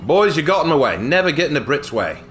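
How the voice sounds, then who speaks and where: A man's voice: a little high, big pitch swings, quick pace, a bit bright, slight background noise. A male gaming streamer commentating his gameplay live in an exaggerated, put-on British accent, jokey and theatrical, peppering his talk with stock posh phrases.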